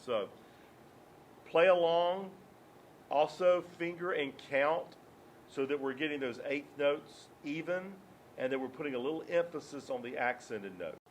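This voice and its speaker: A man with a slightly high voice leads a beginner clarinet lesson. He counts beats and explains each step in a patient, steady way. A faint hum of room ambience sits behind him. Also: unhurried. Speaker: clarinet teacher. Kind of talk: instructional music lesson.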